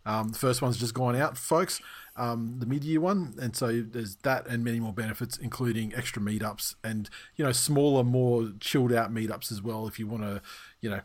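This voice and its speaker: A man's voice: mid-range voice, moderate pace. Rambling man hosting a podcast. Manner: rambling, swears freely, many fillers and restarts. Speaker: podcast host. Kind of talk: casual chat.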